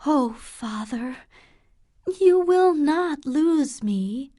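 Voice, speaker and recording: A woman reading a gentle, quiet young daughter. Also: high voice, animated, extremely slow, pitched above the performer's own voice, full character voice. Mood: earnest. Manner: gentle, pleading.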